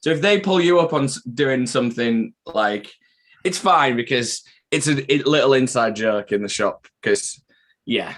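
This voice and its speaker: A man's voice: mid-range voice, normal speed, fairly bright tone. A man co-hosting a podcast live stream, chatting casually, swearing freely and rambling through anecdotes. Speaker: podcast co-host.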